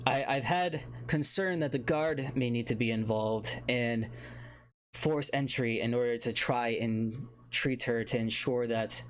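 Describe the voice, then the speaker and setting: A man running a tabletop game as game master, voicing a worried town leader in a halting way with many pauses and fillers. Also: medium pitch. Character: male town leader Elro, worried and calm.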